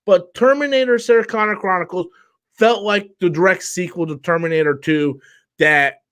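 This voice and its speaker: A man with a notably high voice hosts a live-stream discussion. He rambles and repeats himself, and turns combative when he answers critics. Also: normal speed, fairly bright tone, clear, resonant tone. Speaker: channel host.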